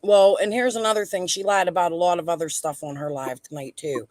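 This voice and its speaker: A woman's voice: on the low side, steady tone, fairly quick, a little mellow, dry recording. Tired woman chatting on a livestream. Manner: tired, subdued, trailing off. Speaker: livestream panel guest. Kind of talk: casual livestream chat.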